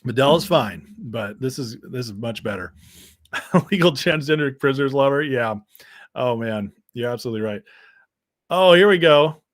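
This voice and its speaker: A man's voice: medium pitch, moderate pace, no echo, studio quality. An American man hosting a live stream, reacting to clips and the chat with laughing, sarcastic commentary. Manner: mocking, laughing, sarcastic asides. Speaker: streamer host.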